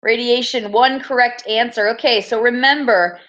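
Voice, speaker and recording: A woman teacher running a classroom quiz review, upbeat and teasing, reading each answer choice slowly and clearly. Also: fairly high pitch, steady tone, a bit bright, highs cut off.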